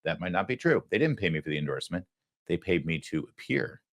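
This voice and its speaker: Sarcastic lower-voiced male commentary host. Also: expressive, fast. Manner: sarcastic, mocking asides. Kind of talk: political commentary monologue.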